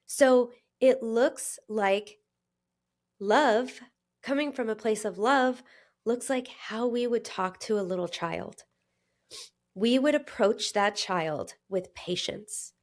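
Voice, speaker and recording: A woman's voice: a little high, slow. A woman in her thirties, a health coach, talking alone in an earnest, chatty way, laughing often and acting out inner voices. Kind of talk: solo podcast monologue.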